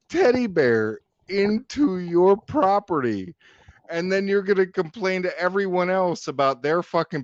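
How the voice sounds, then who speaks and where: A man rants angrily on a livestream panel, swearing and jeering as he goes. His voice sits a bit high and comes through dry and muffled. The audio has the dull, lo-fi sound of an online call. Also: no echo. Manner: angry, profane, jeering rant. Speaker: panel guest. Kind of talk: heated livestream panel rant.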